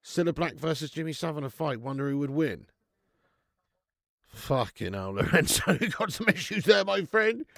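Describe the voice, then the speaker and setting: A man with a gravelly, slightly high voice runs a live football watch-along, trading sweary, laughing banter with his chat. The sound is close and dry, with no room around it. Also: lively intonation, moderate pace, a bit bright, no echo.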